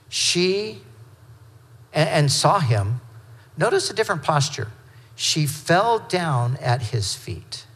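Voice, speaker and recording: A male pastor teaches through scripture in a relaxed, conversational sermon, breaking into quick asides and correcting himself as he goes. His voice has a mid pitch and carries the long reverb of a large hall. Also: slightly rough.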